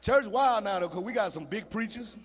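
A man's voice: high-pitched, animated, normal speed, husky. A middle-aged male stand-up comedian, chatting directly with the audience. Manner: conversational, addressing the audience directly.

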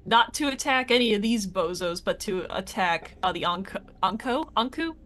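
A woman playing her character in an online tabletop game, thinking aloud and trailing off softly as she decides her moves. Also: medium pitch, expressive, moderate pace. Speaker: player.

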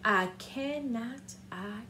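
A woman voicing an old, rusty, tired male steam engine that sighs and talks slowly and wearily. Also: fairly high pitch, bright, forceful tone, a little hiss or hum, voice pushed down, heavily acted. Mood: weary. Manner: sighing, slow and weary.

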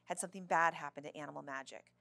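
Brief: woman reads a children's chapter book aloud, low-pitched, gravelly, close and dry. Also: racing, no room sound. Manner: expressive storybook reading. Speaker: children's story reader. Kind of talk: reading a children's novel aloud.

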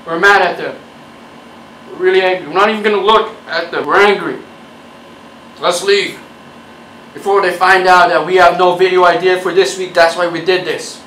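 Bright mock-furious male comedian ranting. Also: on the high side, steady tone, normal speed, echoey room, recorded from a distance, a little hiss or hum, rough recording. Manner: mock-angry, profane, sarcastic. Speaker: YouTube comedian. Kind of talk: comedic rant to camera.

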